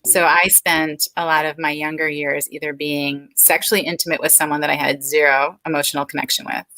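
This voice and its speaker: Frank, bright-voiced woman in her forties. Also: deep voice, flat delivery, a little fast, dry recording, low-quality recording. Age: 40s. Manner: frank, earnest and open. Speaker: guest, speech-language pathologist. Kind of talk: candid interview talk.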